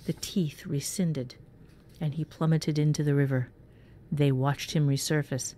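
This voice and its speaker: A woman narrating a dark fantasy story in a measured, even way. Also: deep voice, slight background noise. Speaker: story reader. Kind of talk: scripted narration.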